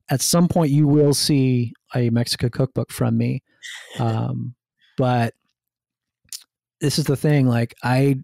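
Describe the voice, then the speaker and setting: A man from New Jersey speaks as a guest in a podcast interview. His voice has a gravelly rasp, and his eager talk runs on with restarts. The recording is dry and close. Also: medium pitch, warm tone, dry recording. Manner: enthusiastic, rambling with many restarts. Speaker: guest, food writer and hunter.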